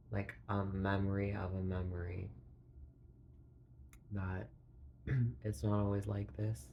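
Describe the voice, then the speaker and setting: A man with a very low voice drifts slowly through a philosophical monologue, leaning on filler words and pausing mid-thought. He clears his throat now and then as he searches for words. A faint hiss of noise sits under the recording. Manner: meandering, full of "like", halting pauses and throat clearing.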